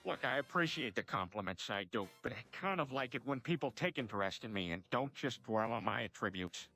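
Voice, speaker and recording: A man's voice: mid-range voice, animated, brisk, sharp tone, soft background music. A synthetic man's voice playing an easygoing, bumbling middle-aged cartoon dad who stumbles and repeats himself. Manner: stumbling, repetitive phrasing.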